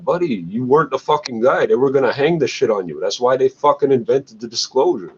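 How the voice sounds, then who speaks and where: A man's voice: mid-range voice, animated, brisk, hardly any pauses, dull audio, slight background noise. A man ranting bluntly to camera, swearing often and tagging lines with "eh". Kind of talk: rambling profane rant to camera.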